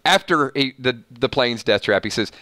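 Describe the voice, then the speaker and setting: Bright, laughing male recap host. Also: medium pitch, expressive, normal speed, no echo. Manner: laughing often, sarcastic asides. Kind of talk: casual TV recap reading from an article.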